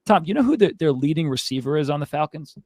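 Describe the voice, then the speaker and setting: Male fantasy football host, exasperated rant, slightly high pitch, dry close sound. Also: lively intonation, quick pace, darkish tone, no echo. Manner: ranting, exasperated. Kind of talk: casual sports commentary.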